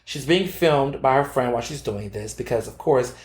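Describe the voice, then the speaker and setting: A man hosting his own podcast, telling a story and giving his opinions in a sassy, animated way, full of fillers and swearing. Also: medium pitch, normal speed, reverberant. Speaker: podcast host. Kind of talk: casual opinion monologue.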